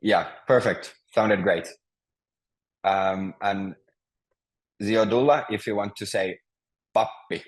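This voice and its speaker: This is a Zoom language lesson in which a man at home coaches Finnish pronunciation. His pitch is fairly low and his delivery slow, with long pauses, many fillers and frequent restarts, though he stays patient. The recording, made on a video call mic, is low in quality.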